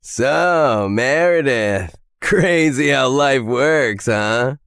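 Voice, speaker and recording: A woman voicing a smug young man who turns into a cold villain in an animated story, drawling and then menacing. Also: very deep voice, extremely slow, clear, resonant tone, no room sound, studio quality, full character voice. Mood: casual smug.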